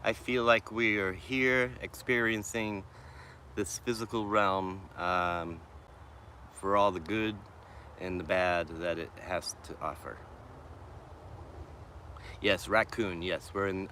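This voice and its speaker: His voice sits low yet sounds pushed and bright, with fairly even intonation and slight background noise. This Boston vlogger with a faint accent is livestreaming outdoors in a shady wooded city park, leisurely musing through viewer comments with trailing restarts.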